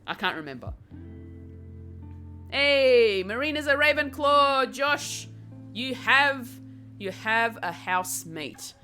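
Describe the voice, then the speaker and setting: A woman streamer with a bright, clear tone and a lively, swooping pitch. She talks at an unhurried pace, chatting with her viewers while she paints and breaking into giggles as she reads chat aloud. Soft guitar music plays faintly behind her.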